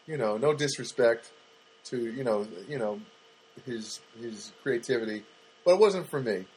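A middle-aged man hosting a podcast, rambling through a comic monologue with halting restarts and dry, self-mocking jokes. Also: medium pitch, lively intonation, a little mellow, slight background noise, low-quality recording. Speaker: podcast host.

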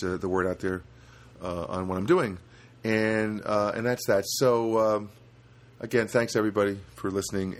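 A man from New Jersey hosting a solo podcast from a studio apartment, rambling casually with many fillers and restarts. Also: low-pitched. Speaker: podcast host.

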